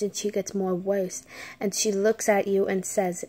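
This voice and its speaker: A woman vlogger tells a story at an unhurried pace. Her storytelling is casual and chatty, full of "like," and she sinks into whispers at the suspenseful moments. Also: mid-range voice, warm tone. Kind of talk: story time.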